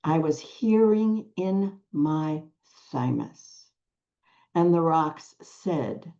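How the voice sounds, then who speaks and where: An older woman telling a personal spiritual story to a group, slow and hushed, with long pauses and soft whispered phrases. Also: low-pitched, lively intonation, highs cut off. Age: 60s or older. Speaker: spiritual teacher.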